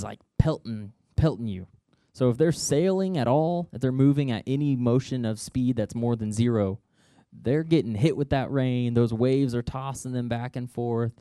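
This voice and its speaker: A man's voice: medium pitch, dark tone, dry recording, clean studio sound. A man telling a Bible story to kids in a playful, joking way, adding sound effects and asides.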